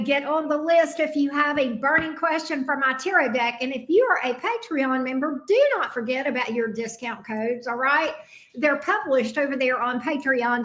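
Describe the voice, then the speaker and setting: A woman's voice: high-pitched, fairly bright tone. A woman with a Southern accent hosting a live tarot reading, chatting and greeting viewers by name. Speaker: tarot reader host. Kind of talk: livestream chat. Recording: echoey room.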